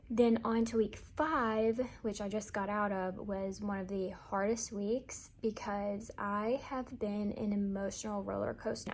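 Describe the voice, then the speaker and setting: A woman's voice: mid-range voice, a little mellow, slight background noise. A young adult woman giving a candid, chatty update to her viewers in a casual vlog. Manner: candid, confiding, chatty with fillers. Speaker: vlogger.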